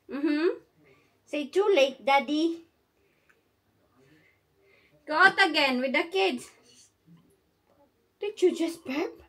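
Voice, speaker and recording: A woman's voice: sits high, takes it slowly, pauses often, sharp tone. A woman chatting casually in a family vlog, switching between English and Cebuano and teasing her child. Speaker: vlogger.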